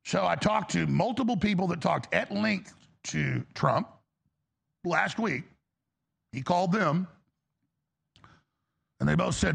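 A man's voice: sits high, slow, long pauses, fairly bright tone. A male talk show host delivering an angry, exasperated political rant, blunt and profane. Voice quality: gravelly.

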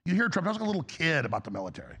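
A man's voice: on the high side, wildly swooping pitch, racing, pushed and bright, breathy edge. A man hosting a call-in talk show, rambling in a conspiratorial way and acting out quotes.

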